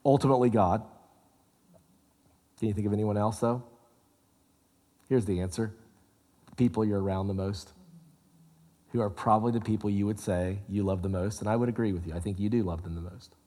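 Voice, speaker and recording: A man preaching a sermon, animated, swinging from loud exclamations to hushed, low asides. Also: fairly quick, long pauses. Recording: long hall reverb.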